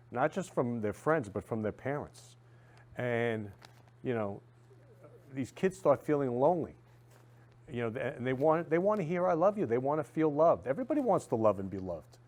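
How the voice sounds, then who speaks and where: A man hosts a talk show in an effusive, repetitive way. He says the same phrase again and again. His voice sits at a middle pitch. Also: expressive, moderate pace, darkish tone. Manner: effusive, repeats phrases, reads viewer comments aloud. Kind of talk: casual talk show monologue.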